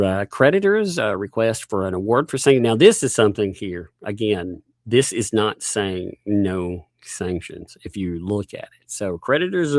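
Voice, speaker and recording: A man's voice: lowish voice, a little mellow, no room sound, studio quality. A man hosting a casual livestream, reading legal documents aloud and joking between lines. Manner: reads court documents aloud with frequent laughs and asides. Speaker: livestream host.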